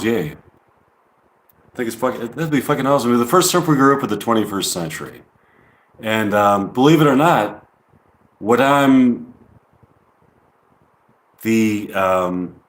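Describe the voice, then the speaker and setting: A man's voice: mid-range voice, echoey room. A man doing a rambling improvised comedy monologue on a live stream, full of restarts and casual swearing.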